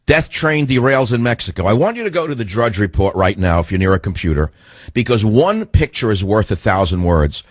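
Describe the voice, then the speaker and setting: A man's voice: lowish voice, big pitch swings, a little fast, no room sound, clean studio sound. Ranting male talk radio host. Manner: ranting, hectoring, rhetorical questions to listeners. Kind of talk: combative political talk radio monologue.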